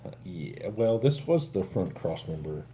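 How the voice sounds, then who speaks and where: A man with a fairly low voice and a very lively, bouncing delivery, joking and chatting with friends on a stream. He often jumps into loud, animated bursts. A faint hiss sits underneath. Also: a little slow. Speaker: co-host of a livestream. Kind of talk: casual chat.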